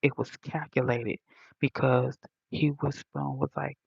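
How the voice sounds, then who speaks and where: Gravelly, husky woman telling her story. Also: very deep voice, measured pace, no echo, muffled recording. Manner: animated, profane, blunt retelling with quoted voices. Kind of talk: casual storytelling vlog.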